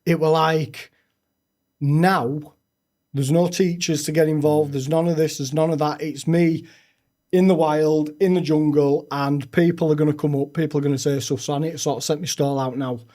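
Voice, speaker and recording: A young man, a podcast guest telling his own story frankly, with halting restarts. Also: fairly high pitch, steady tone, a little mellow. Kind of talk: candid personal storytelling.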